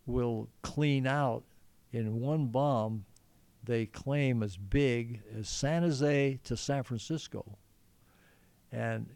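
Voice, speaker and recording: A man's voice: medium pitch, mellow, no echo. An older man being interviewed, telling stories from his past in an earnest, rambling way with many restarts. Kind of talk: storytelling in conversation.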